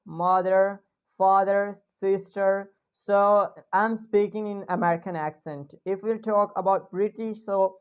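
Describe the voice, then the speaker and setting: A young woman from Pakistan giving an online English lesson, explaining slowly and repeating example words. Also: fairly low pitch. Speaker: English accent teacher.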